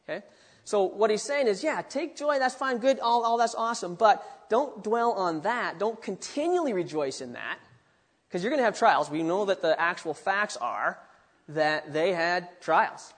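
A man preaching a sermon with a fairly high voice. He is animated and breaks into excited bursts when he acts out the quotes. The sound carries the long reverb of a large hall. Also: moderate pace.

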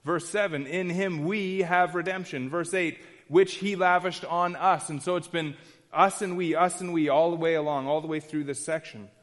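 A man's voice: fairly high pitch, fairly even intonation, moderate pace, fairly bright tone, big-room sound. A man preaching an expository sermon in an earnest, emphatic way, repeating key phrases and restarting often.

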